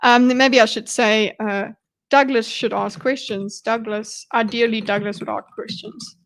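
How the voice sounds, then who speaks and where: Chatty woman with a fairly high voice. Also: fairly even intonation, a little slow, slight background noise. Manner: chatty, thinks aloud with frequent restarts. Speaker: streamer commenting on a debate. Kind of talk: casual live commentary.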